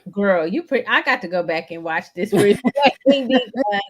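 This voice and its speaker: A woman co-hosting a podcast, chatty and animated as she tells stories. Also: mid-range voice, normal speed. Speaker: podcast co-host. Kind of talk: casual conversation.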